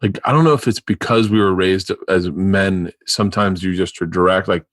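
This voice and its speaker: A man hosting a podcast in casual chat, telling rambling, profane, excitable stories into a studio mic. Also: sits low, normal speed, no room sound. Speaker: podcast host.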